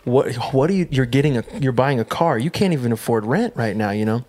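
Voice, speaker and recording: A man's voice: mid-range voice, animated, brisk, a little mellow, close to an everyday voice. A man voicing his worried, skeptical mother who questions him in disbelief. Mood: exasperated. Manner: exasperated, incredulous.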